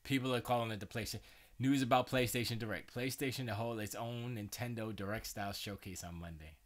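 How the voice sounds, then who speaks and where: A man's voice: lowish voice, steady tone, fast talker. A man hosting a live stream, chatting casually in a rambling way with many restarts and stammers.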